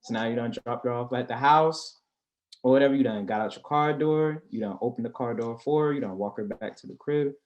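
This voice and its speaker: A man talking casually as a podcast guest, full of slang and swearing. He tells his story with animation and slips into the voices of the people in it. His pitch sits in a middle range. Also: brisk, dull audio. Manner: animated storytelling, acts out dialogue; heavy slang and profanity. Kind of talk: casual chat.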